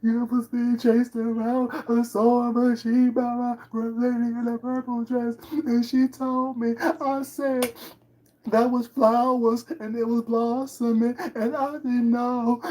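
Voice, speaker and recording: A woman mimicking a tearful person apologizing over and over, in a high, slow, whiny sob. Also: warm tone, rough recording. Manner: whiny, drawn-out mock crying. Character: sobbing apologetic person, mocked.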